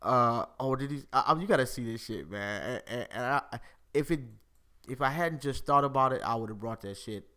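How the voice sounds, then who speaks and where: Guy hosting a live stream, swears a lot, bright voice, pitch bouncing all over. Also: fairly quick. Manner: profane, animated, laughs often. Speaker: podcast host. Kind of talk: casual live-stream chat.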